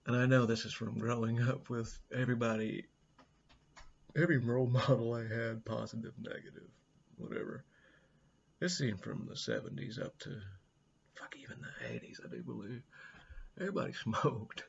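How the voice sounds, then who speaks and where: A man's voice: medium pitch, expressive, moderate pace, creaky, pauses often, highs cut off, slight background noise. A middle-aged man rambling casually indoors, swearing often and laughing a lot. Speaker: vlogger. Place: indoors at a friend's house.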